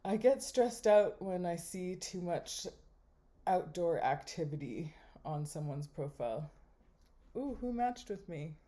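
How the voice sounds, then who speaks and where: A young woman giving wry, deadpan running commentary while swiping through a dating app. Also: fairly low pitch, slow pace. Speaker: vlogger.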